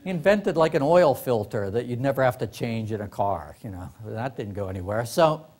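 A man's voice: medium pitch, animated, moderate pace, darkish tone. A middle-aged man, an author, telling comic stories to a live audience, laughing often and acting out quoted voices. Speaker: author giving a workshop talk. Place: library meeting room.

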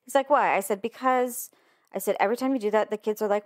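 A woman's voice: mid-range voice, brisk. A woman in her forties co-hosting a podcast in casual chat, expressively acting out conversations she retells. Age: 40s. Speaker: podcast co-host.

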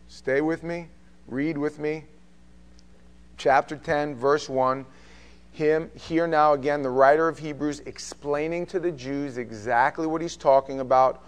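A man preaching a sermon as pastor, emphatic, swinging between loud and quiet passages. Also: fairly high pitch. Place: church sanctuary.

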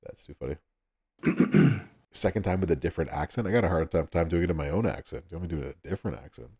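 A man's voice: sits low, rapid-fire, a little mellow, husky. A man with a Southern US accent hosting a livestream, chatting casually with viewers and laughing often. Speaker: livestream host.

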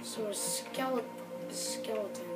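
A woman hosting a gameplay video, chatting casually in a rambling, excitable way and apologising often. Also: medium pitch, a little slow, distant mic. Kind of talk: casual game commentary. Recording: roomy sound from off the mic with music behind.

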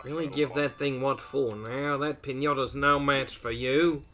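A man voicing an excitable goose villager, reading game dialogue in a shouty, gleeful way. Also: medium pitch, a little slow, soft background music. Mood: egging on.

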